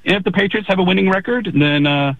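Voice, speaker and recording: Halting male caller on a dry, dull line. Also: high-pitched, no room sound. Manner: halting, good-natured. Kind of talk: call-in sports radio chat.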